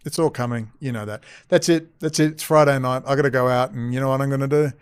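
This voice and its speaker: A man's voice: medium pitch, fairly even intonation, quick pace, smooth, dry recording, clean studio sound. Heated, sarcastic man ranting. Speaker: host. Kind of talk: profane ranting commentary.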